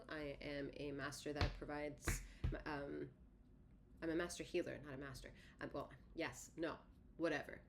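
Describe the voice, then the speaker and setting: Low-voiced woman giving a rambling tarot reading. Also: a little hiss or hum. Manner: rambling, self-correcting, conversational; slightly lisping, slurred words. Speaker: tarot reader and healer. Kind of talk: solo tarot reading to camera.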